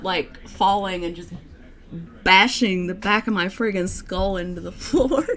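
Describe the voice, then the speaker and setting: A woman's voice: mid-range voice, bright, forceful tone, slight background noise. A young woman vlogging in a casual, rambling way, with many fillers and restarts. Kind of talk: casual personal chat to camera.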